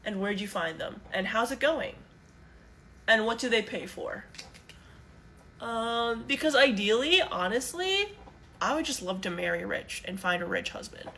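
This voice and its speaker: Young woman vlogger, blunt chatty talk, animated pitch, noisy ambience behind. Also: measured pace. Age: young adult. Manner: chatty, blunt, swears freely. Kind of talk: casual get-ready-with-me chat.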